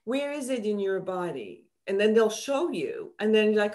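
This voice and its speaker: A woman psychotherapist explaining her methods in an interview, animated, acting out quoted dialogue as she goes. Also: mid-range voice, moderate pace. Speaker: psychotherapist guest. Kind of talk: explaining in conversation.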